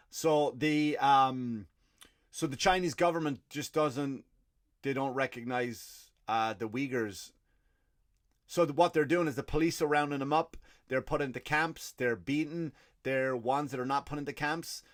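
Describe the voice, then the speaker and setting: An Irish man rants through a solo comedy podcast. He swears constantly and keeps cutting in with his own questions and answers. His voice sits at an ordinary middle pitch for a man. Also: a little slow. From Ireland. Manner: profane, ranting, self-answering asides. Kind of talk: stand-up style rant.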